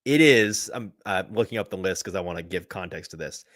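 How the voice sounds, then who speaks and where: A man hosting a casual sports podcast, his voice pitched low and recorded close and dry. He rambles through tangents with chuckling, self-deprecating asides and wraps up the show in an easygoing way. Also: lively intonation, fairly quick, fairly bright tone, no room sound. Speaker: podcast host.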